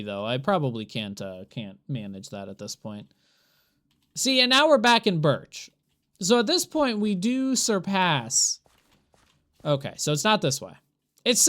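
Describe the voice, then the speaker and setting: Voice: mid-range voice, fairly bright tone. A streamer chatting to viewers during a live gameplay stream, rambling and exasperated, laughing often. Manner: exasperated, rambling, talks to chat while playing.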